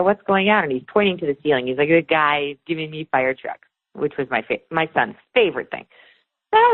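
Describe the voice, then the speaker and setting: Low-voiced woman on a tinny phone line. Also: breathy edge. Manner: animated storyteller, acts out dialogue. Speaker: author guest. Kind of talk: podcast interview storytelling.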